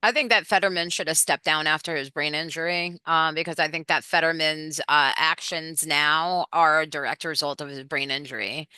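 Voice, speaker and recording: A woman's voice: deep voice, steady tone, moderate pace, hardly any pauses, pushed and bright, clear, resonant tone, no echo. A woman guest in a casual political chat, earnest and repeating her points for emphasis. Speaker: podcast guest.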